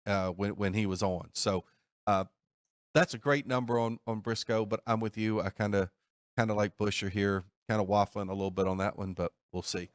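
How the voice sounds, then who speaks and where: A man hosting a sports betting talk show from a studio, talking in a steady, methodical way. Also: lowish voice, normal speed, no echo. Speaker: host.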